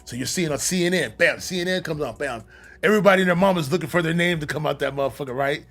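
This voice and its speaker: Middle-aged male podcast guest, animated and profane storyteller, slightly high pitch. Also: fast. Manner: animated, profane, with frequent restarts. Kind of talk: casual storytelling.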